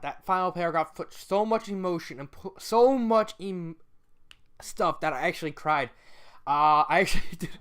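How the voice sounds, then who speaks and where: A man's voice: fairly high pitch, fairly bright tone, smooth. Tearful man giving a rambling, casual spoken review. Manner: rambling, emotional, many restarts and fillers. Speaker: fan fiction reviewer.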